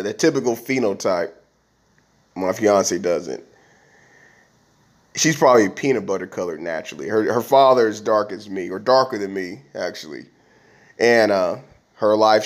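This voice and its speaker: A man hosting a podcast, talking alone in a loose, rambling way with frequent restarts. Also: on the low side. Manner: rambling, conversational, with many restarts and fillers. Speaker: podcast host. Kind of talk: casual monologue.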